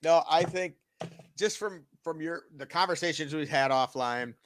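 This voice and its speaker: A man's voice: fairly high pitch, moderate pace. A man co-hosting a casual sports chat, agreeable and laid-back, often chuckling. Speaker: co-host.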